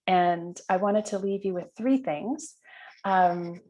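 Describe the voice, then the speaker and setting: A woman's voice: lowish voice, slow, darkish tone, lo-fi sound. A woman leading an online training session over a video call, talking casually with many fillers and restarts. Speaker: workshop trainer.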